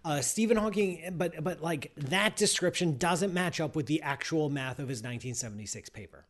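A man's voice: on the high side, lively intonation, normal speed. A middle-aged man hosting a podcast, answering listener questions in casual, rambling chat with teasing asides.

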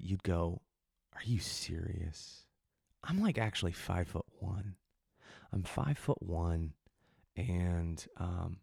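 Man, podcast host, lowish voice, dry close sound, rambling, self-mocking, irreverent. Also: gravelly, dark tone, dry recording. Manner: restless delivery with frequent restarts and sudden jumps in energy. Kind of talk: solo podcast monologue.

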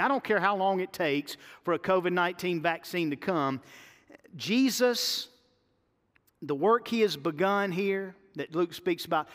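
A man's voice: sits high, a bit bright, in a large hall. A middle-aged man preaching a sermon as pastor, with repetition and swelling emphasis.

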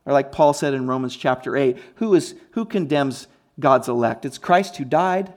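A man's voice: mid-range voice, animated, normal speed, few pauses, darkish tone. A man preaching a sermon in a conversational, emphatic way, with frequent restarts and asides. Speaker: pastor.

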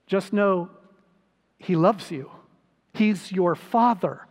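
A high-pitched man delivers a sermon at an unhurried, measured pace. He leans into sudden emphatic rises on the words that matter. His voice carries with a long reverb, as if recorded in a large hall. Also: darkish tone. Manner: slow, deliberate preaching with sudden rises for emphasis. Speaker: pastor.

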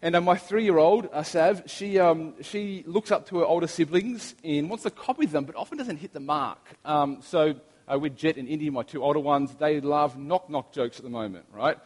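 The voice here is somewhat high and darkish, moving at normal speed with hardly any pauses. It belongs to a thirtysomething pastor preaching a sermon with prayer, chatty and story-filled with many restarts, echoing in a large hall.

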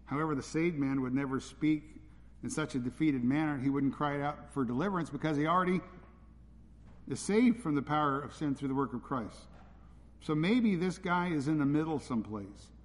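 A man's voice: on the high side, moderate pace. A man preaching a sermon as a pastor, blunt and direct in his delivery. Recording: reverberant hall.

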